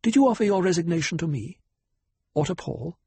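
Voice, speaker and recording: An icy, sharp-tongued noblewoman, as a male reader puts her on, talking down with a raised, airy pitch. Her words come measured and calm, lecturing and probing. The voice is very breathy, recorded close and dry in an audiobook. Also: dry recording, exaggerated voice. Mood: cold, probing. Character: cool, cutting noblewoman, a duke's consort. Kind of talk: audiobook character voice.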